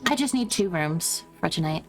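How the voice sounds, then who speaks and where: A woman's voice: fairly low pitch, expressive, moderate pace, faint music behind. A woman playing in a tabletop game, speaking plainly and matter-of-factly in character. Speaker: player. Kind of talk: casual tabletop role-play.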